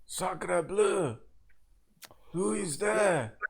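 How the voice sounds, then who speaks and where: A man voicing an excitable old French prisoner with a put-on French accent. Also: high voice, drawn-out words, vocal fry, a crowd in the background, pitched above the performer's own voice, heavily acted. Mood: excited.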